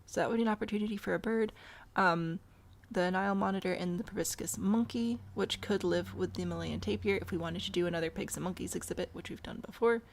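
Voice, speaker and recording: A woman's voice: lowish voice, fast, vocal fry, a little hiss or hum. A woman chatting casually through a zoo-building game, thinking aloud and talking back to the animals. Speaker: game streamer. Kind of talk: casual let's-play commentary.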